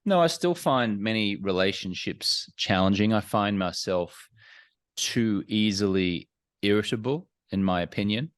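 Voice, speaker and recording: A man speaking as a podcast guest, talking frankly and reflectively in a measured, self-examining way. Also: on the low side, lively intonation, clear, resonant tone, no echo. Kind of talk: candid, reflective interview talk.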